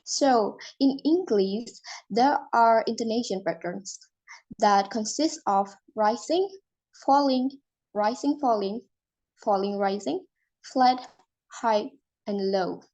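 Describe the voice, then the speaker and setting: A woman's voice: on the high side, takes it slowly, darkish tone, poor audio. A woman teaching an English phonology lesson, explaining step by step with fillers and restarts.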